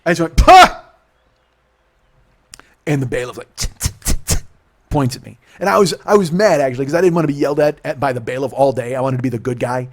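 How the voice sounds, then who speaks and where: A middle-aged man, a podcast host, telling a profane, animated story in casual talk and acting out the dialogue. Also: medium pitch, racing, few pauses.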